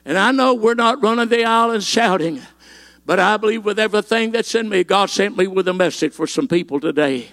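A man preaches with fervor, his voice sitting very high and gravelly. He peppers his lines with "uh" and rises to shouted peaks. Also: fairly quick. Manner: impassioned, with frequent "uh" fillers and rising shouted peaks. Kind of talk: sermon.

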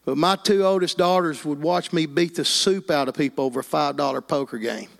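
A man's voice: a little high, a little fast, vocal fry. A middle-aged man, preaching a sermon with personal testimony and peppering it with amens and hallelujahs.

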